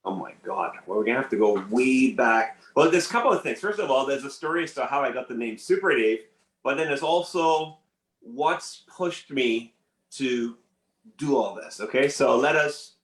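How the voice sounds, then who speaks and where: A man whose first language is French tells his story as a podcast guest at a medium pitch, livening it up by putting on the voices of the people in it. The recording has a roomy, echoey ring. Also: moderate pace. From grew up in Nigeria and Canada. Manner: animated storyteller who acts out quoted voices. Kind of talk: casual storytelling interview.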